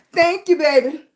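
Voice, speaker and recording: High-pitched lady on a livestream, kinda out of breath, laughing and thanking viewers by name. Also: darkish tone. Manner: laughs often, greets viewers by name, breathy between phrases. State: short of breath. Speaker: livestream host. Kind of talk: casual livestream chat with viewers.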